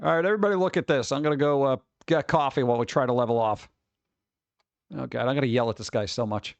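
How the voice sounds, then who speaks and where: A man's voice: mid-range voice, fast, creaky, no echo, highs cut off. A man hosting a casual livestream, rambling, exclaiming and grumbling at his connection as he chats with viewers. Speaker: livestream host. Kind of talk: casual live-stream chat.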